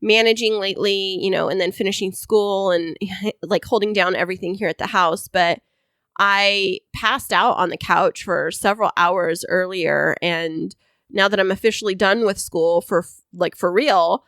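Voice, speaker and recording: A woman's voice: medium pitch, moderate pace, a bit bright, no echo, clean studio sound. A woman co-hosting a podcast in casual chat, teasing and talkative. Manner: teasing, chatty. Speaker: podcast co-host. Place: home studio.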